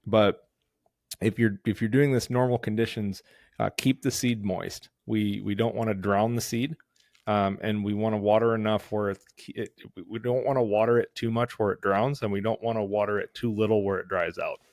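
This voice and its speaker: A man's voice: lowish voice, fairly even intonation, moderate pace, darkish tone, no room sound, clean studio sound. A man hosting a lawn care show, explaining the steps casually, one by one, with frequent filler words. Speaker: lawn care podcast host. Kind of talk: casual instructional talk.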